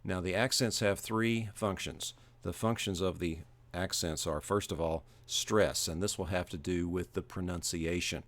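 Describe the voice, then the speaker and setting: A man teaching a livestream lecture, explaining step by step in a measured way with frequent filler pauses. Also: low voice, steady tone.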